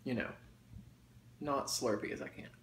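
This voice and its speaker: Speaking at a moderate pace in a fairly bright voice, a man chats casually with his audience between bites in a mukbang video, folksy and eager to talk. An echo fills the room, and faint background noise can be heard.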